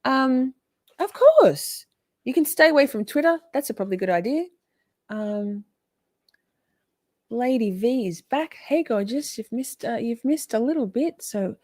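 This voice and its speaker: A woman's voice: a little high, sing-song, normal speed, a little mellow, no echo, clean studio sound. An Australian woman hosting a livestream, chatting casually and reading viewer comments aloud with frequent laughs. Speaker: livestream host.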